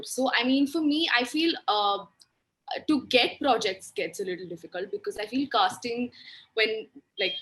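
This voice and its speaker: A woman's voice: mid-range voice, fairly bright tone, poor audio. A young woman, an actor answering interview questions hesitantly and earnestly. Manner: hesitant, many fillers and restarts, earnest. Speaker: actor guest.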